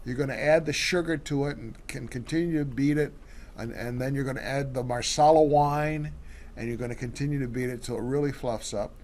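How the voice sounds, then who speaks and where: A man's voice: mid-range voice, steady tone, fairly quick, a little mellow. A man co-hosting a casual cooking show, walking through recipes step by step with many fillers and restarts.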